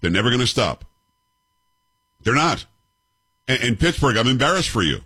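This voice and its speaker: A man's voice: medium pitch, big pitch swings, moderate pace, pushed and bright, breathy edge, no room sound. A man in his fifties hosting a commentary show, arguing with clips in a combative, sarcastic way and firing off rhetorical questions. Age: 50s.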